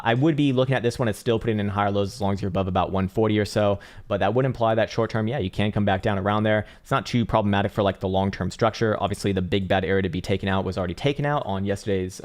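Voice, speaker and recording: A man with a fairly low voice talks through trading charts on a live stream in a loose, rambling way. He swears freely, laughs often and reads viewer messages aloud between his chart reads.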